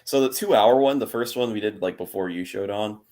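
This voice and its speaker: A young man with a low, deep voice chatting casually on a podcast. He rambles through long stories, laughs often and drops the odd swear word. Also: brisk, warm tone. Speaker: podcast co-host. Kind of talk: casual chat.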